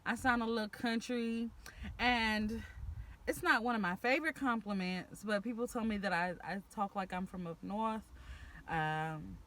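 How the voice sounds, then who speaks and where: A woman's voice: medium pitch, a little slow, a bit bright, slight background noise. A young woman from Texas with a Houston accent, chatting casually and animatedly to camera about her friends, full of slang. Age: young adult. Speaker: vlogger.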